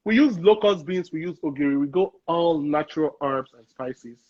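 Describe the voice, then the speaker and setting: A man's voice: a little high, expressive, normal speed, darkish tone, highs cut off. A man, a chef guest chatting playfully in an interview, laughing often and slipping into Pidgin. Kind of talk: casual interview chat.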